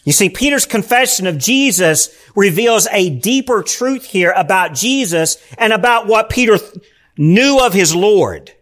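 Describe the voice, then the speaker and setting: Emphatic high-voiced male preacher. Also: lively intonation, a little slow, fairly bright tone. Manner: emphatic, rhetorical questions to the congregation. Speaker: pastor. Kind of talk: sermon. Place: church.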